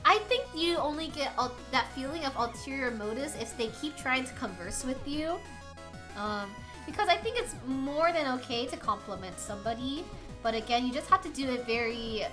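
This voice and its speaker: A woman's voice: fairly high pitch, lively intonation, a little fast, over music. An American woman chatting casually on a live stream, giggly and rambling, laughing often. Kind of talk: casual chat.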